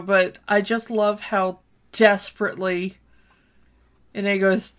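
A woman co-hosting a casual chat, speaking hesitantly with many fillers. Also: mid-range voice. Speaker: podcast co-host. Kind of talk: casual film discussion.

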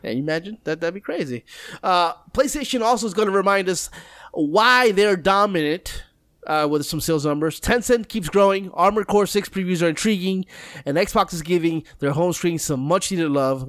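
A young man co-hosts a casual gaming podcast, rambling and teasing as he talks. His voice sits a bit high for a man. The close mic sounds dry, with no room around it. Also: normal speed, fairly bright tone, no echo. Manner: joking, rambling, self-mocking. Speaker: podcast co-host. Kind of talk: casual chat.

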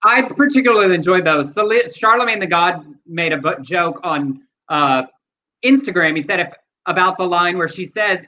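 A man with a high, sharp, bright voice co-hosts a loose comedy chat, delivering punchlines with a dry, deadpan touch. The sound is a little muffled and lo-fi. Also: moderate pace. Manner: wry, deadpan delivery of jokes and read-out quotes. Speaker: co-host.

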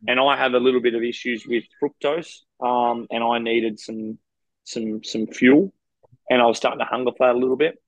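A man's voice: medium pitch, fairly even intonation, moderate pace, no room sound, muffled recording. An Australian man, a professional cyclist, frankly recounting race stories in a rambling, casual interview. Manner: rambling, frank anecdotes with quoted dialogue.

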